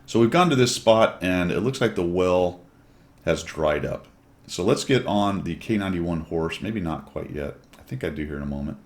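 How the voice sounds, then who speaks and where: A man with a very low voice talks viewers through his tank gameplay. He keeps it chatty and wry, slipping in jokey asides between shots. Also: expressive, normal speed. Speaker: gameplay commentator. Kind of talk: tank game commentary.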